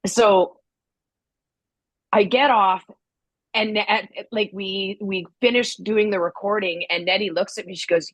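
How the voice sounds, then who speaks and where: A podcast co-host with a slight cold tells a story candidly in casual chat, animatedly acting out what people said. Her medium-pitched voice is unhurried, with long pauses. The recording is rough, with no room sound.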